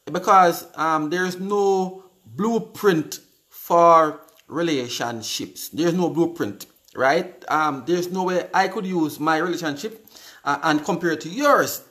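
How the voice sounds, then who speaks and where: A Jamaican man in his forties hosts a casual live stream, reading viewer comments aloud and answering them upbeat and chatty, often repeating words. His voice sits on the high side, a bit bright, and he takes it slowly.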